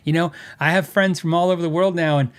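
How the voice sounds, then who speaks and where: A man's voice: fairly high pitch, steady tone, fast talker, clear, resonant tone. Rambling man hosting a podcast. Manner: rambling, filler-heavy storytelling with laughs. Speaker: podcast host. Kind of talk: casual chat.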